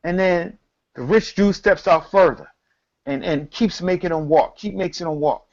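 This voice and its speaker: A man co-hosting a casual talk show, telling a story in an animated, slangy, profane way. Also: sits high, normal speed, creaky, highs cut off. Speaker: podcast co-host.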